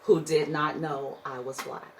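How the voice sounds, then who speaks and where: Woman, co-host, casual chat, measured and dry, lowish voice, faint background noise. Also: fairly even intonation. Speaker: podcast co-host, caregiver.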